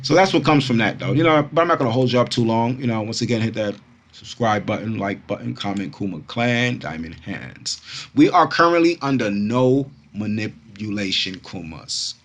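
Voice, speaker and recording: This is a crypto channel host from Brooklyn, New York, whose fairly low voice moves at a moderate pace. On his casual vlog he's animated and repetitive, constantly calling his followers Kumas.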